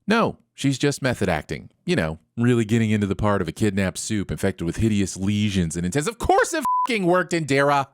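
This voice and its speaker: Sarcastic man with a very lively delivery. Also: lowish voice, a little fast, few pauses, dry recording. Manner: sarcastic, mock-outraged riffing. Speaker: narrator of a comedic review show. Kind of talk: comedic voice-over commentary.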